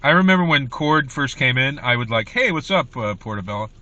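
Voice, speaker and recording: A man's voice: medium pitch, lively intonation, brisk, sharp tone, lo-fi sound. A man hosting a comedy livestream, chatting in a rambling way to viewers about his school days. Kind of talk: casual livestream chat.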